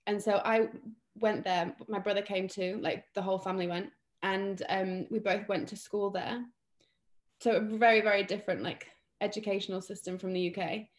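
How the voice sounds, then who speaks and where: A woman's voice: mid-range voice, fairly even intonation, moderate pace. Young British woman, casual guest, chatty with fillers, mid-range voice. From England. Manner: chatty, lots of fillers and restarts. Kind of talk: casual interview chat.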